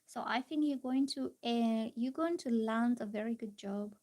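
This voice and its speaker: Woman reading tarot on a live stream; somewhat high pitch, easygoing, reassuring, lots of fillers. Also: moderate pace, darkish tone. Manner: chatty, reassuring, rambling with fillers. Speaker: tarot reader.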